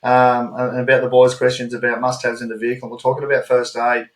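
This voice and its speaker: An Australian man in casual podcast chat tells a long yarn, wandering into asides and dropping swear words without a second thought. His voice sits at an everyday middle pitch. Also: completely flat delivery, fast talker, rough recording. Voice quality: swears freely and talks in loose rambling asides. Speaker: podcast co-host.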